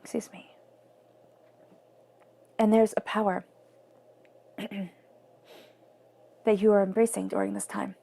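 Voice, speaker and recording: A woman reads tarot cards in an earnest, emphatic way, circling back to the same phrases and sometimes sinking into a whisper. Her voice is husky and gravelly, with a mellow, dark tone. Her pitch stays flat and even. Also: moderate pace, pauses often. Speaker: tarot reader. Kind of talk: spoken tarot reading.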